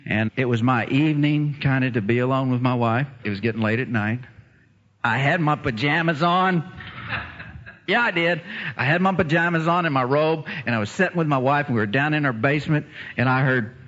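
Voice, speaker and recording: In a large hall, a man with a mid-range voice preaches at a fairly quick clip. His sermon includes an animated story in which he performs the characters' voices. Audio quality is dull and lo-fi.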